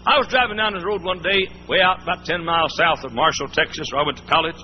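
A pastor preaches a storytelling sermon to a church congregation, his fairly high voice moving fast through folksy stories as he often repeats and restarts his words. It comes from a muffled old sermon tape with a faint hum.

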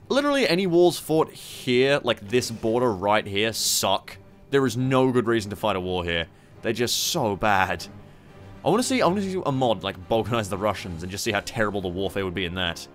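A young man hosting a strategy game playthrough, rambling and swearing with mocking asides. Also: on the low side. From Australia. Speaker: gaming channel host. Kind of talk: casual strategy game commentary.

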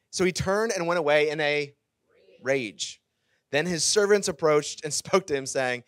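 A male pastor preaching a sermon, retelling a scripture story with animated, casual asides. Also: fairly high pitch, a little slow, pauses often, dry recording, studio quality.

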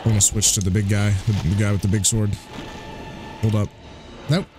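A man hosting a let's play, commentating excitedly and trash-talking the enemies. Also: on the low side, fairly quick, noisy background. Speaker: gaming channel host. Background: game music.

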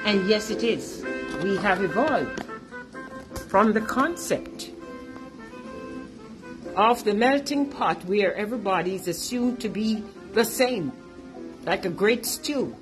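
A middle-aged woman with a Jamaican accent, who is both a teacher and an artist, presents her artwork in an earnest, emphatic manner. Her medium-pitched voice moves slowly with long pauses, and music plays underneath.

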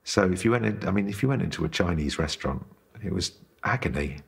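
A man's voice: deep voice, animated, fast talker, vocal fry, slightly rough. A man telling a wry, amused anecdote in casual talk.

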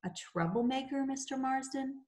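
A woman's voice: sits high, normal speed, a little mellow, pitched above the performer's own voice, lightly acted. A woman reading the lines of a stern older male mill agent, asking short, clipped questions.

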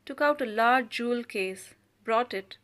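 A woman with a fairly high voice reads a short story aloud for an audiobook. Her scripted narration is steady and measured.

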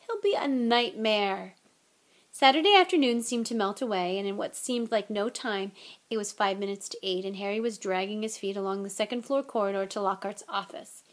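A woman reads a novel aloud with lively expression. Between chapters she chats to listeners in a relaxed, friendly tone. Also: medium pitch, brisk. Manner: expressive, relaxed, chatty asides. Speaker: audiobook reader.

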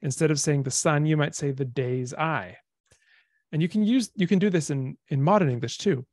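Male lecturer, informal, slightly high voice, dry mic. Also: expressive, fast talker, darkish tone, no room sound. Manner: chatty, thinks aloud with fillers and restarts. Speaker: lecturer on dead languages. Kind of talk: online talk with slides.

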